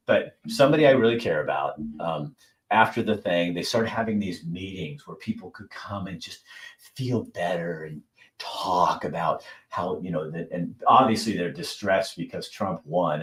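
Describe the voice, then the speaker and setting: A man's voice: sits low, roomy sound, poor audio. A middle-aged man hosting a show, talking bluntly and casually, swearing and mimicking people in raised voices. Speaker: host. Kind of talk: casual opinion monologue.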